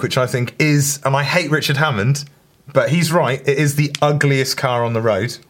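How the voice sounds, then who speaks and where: A man from the south of England, co-hosting a chatty podcast. He rants and jokes in an animated, loose way, his voice sitting at an ordinary middle pitch. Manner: ranting, joking, animated. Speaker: podcast co-host. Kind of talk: casual banter.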